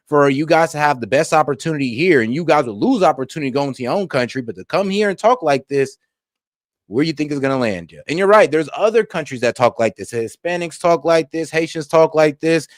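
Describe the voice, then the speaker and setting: A man's voice: fairly high pitch, lively intonation, fairly quick, dry recording, studio quality. A man hosting a stream, reacting to news clips in blunt, slangy, casual talk aimed straight at his viewers.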